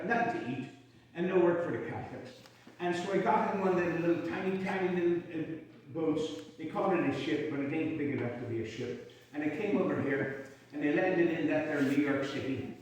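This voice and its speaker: A man's voice: high-pitched, slight background noise. A man with an Irish accent performing in character as an Irish Union soldier, telling stories and singing with folksy, rambling asides to the audience. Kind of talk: storytelling in character, with sung songs. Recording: echoey hall, mic far off.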